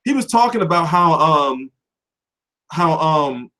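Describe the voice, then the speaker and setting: Profane guy ranting on his boxing stream, higher voice jumping all over. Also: lively intonation, slow pace, sharp tone. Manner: loose, profane, rhetorical questions. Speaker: boxing show host. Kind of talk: casual livestream commentary.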